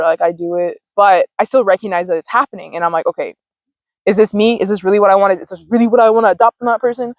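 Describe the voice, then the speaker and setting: A woman hosts a podcast in a loose, rambling monologue, swearing freely and filling her talk with "like". Her voice is mid-pitched and recorded close and dry, with no room sound. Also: no echo. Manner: chatty and profane, heavy use of "like". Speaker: podcast host. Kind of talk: casual monologue.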